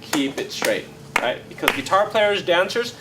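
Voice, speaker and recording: A man who plays flamenco guitar, teaching a workshop in a casual, animated way, telling stories and counting beats aloud to a live audience. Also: high voice, unhurried, background noise. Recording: guitar playing clearly heard behind voice.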